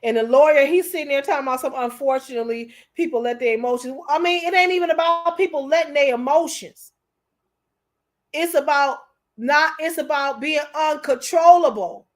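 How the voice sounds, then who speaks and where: High-voiced woman hosting a livestream. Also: moderate pace. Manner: emotional, candid, talks straight to viewers. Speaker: YouTube show host. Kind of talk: casual commentary livestream.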